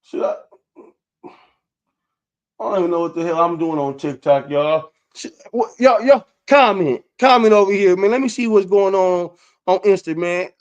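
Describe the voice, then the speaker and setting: A man's voice: high voice, lively intonation, moderate pace, muffled recording. A man hosting his own livestream, talking casually and rambling about sneakers and street culture, full of "man" and "y'all". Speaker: livestream host.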